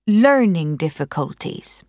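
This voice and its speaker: A woman reading a novel aloud, voicing an old male countryman who passes on local gossip in a slow, emphatic way. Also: lowish voice, big pitch swings, darkish tone, no echo, clean studio sound, exaggerated voice. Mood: gossipy. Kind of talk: audiobook character reading.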